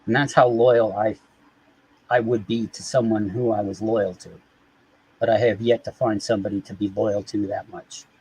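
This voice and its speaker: A man's voice: on the low side, flat delivery, normal speed, darkish tone, husky, poor audio. A man chatting casually on a live stream, rambling and swearing freely as he talks to viewers. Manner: rambling and profane.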